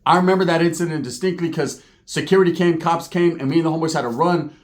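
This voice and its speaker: A man's voice: on the high side, quick pace. A man telling a street fight story in a casual, profane way, full of street slang.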